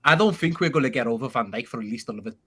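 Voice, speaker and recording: A man's voice: medium pitch, expressive, bright, forceful tone, husky. A man chatting casually about football as a podcast co-host, enthusiastic and full of praise. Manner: enthusiastic, admiring, quick.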